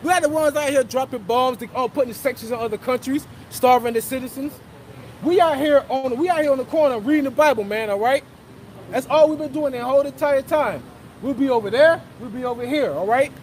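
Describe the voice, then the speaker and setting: A man's voice: very high-pitched, a little fast. A man preaching on a street corner, fiery and profane, tagging his lines with "man" and "bro". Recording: street recording with crowd noise. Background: crowd and passing traffic.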